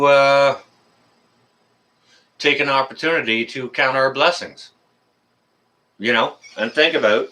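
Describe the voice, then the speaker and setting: A man's voice: medium pitch, bright, forceful tone. A man from Canada hosting a casual live stream, greeting viewers by name in a friendly, rambling way with many fillers.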